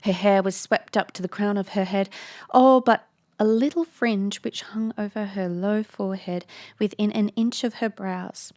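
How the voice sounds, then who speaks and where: A woman reads a spooky old story aloud at a middling pitch for a woman. She breaks in now and then with playful, self-mocking asides before going back to the text. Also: steady tone, normal speed, darkish tone. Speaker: reader, narrator. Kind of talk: storybook reading with joking asides.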